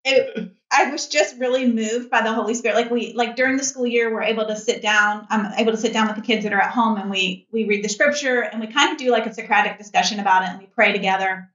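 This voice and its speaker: A woman's voice: fairly high pitch, fairly even intonation, quick pace, a bit bright. A middle-aged woman guest telling a personal family story in an earnest, candid way, with many fillers. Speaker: podcast guest, mother. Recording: roomy, dull-sounding audio.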